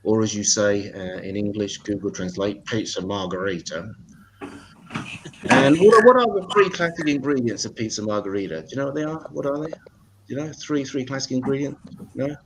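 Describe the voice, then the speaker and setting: A man hosting an open mic night and doing a stand-up set at home, with deadpan, sweary, mock-serious asides. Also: fairly low pitch, a little fast, background noise. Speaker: open mic host and comedian. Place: home in Italy.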